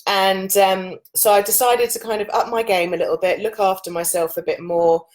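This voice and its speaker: A woman in her late thirties, a yoga and oils teacher, chatting informally to camera with a husky voice and loose, run-on explanations. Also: mid-range voice, fairly even intonation, moderate pace, darkish tone. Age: 30s. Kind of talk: casual chat to camera.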